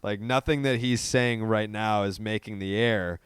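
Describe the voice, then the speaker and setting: Chill podcast guy, low voice, dry studio sound, wry and a bit sweary. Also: fairly even intonation, normal speed, clear, resonant tone, dry recording. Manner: laid-back, wry, swears casually. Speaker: podcast co-host. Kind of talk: casual chat.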